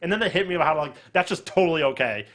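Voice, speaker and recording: A man's voice: on the high side, animated, very fast, a bit bright. A man in a casual podcast chat who rambles and swears, filling his talk with "like". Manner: rambling, profane, full of "like".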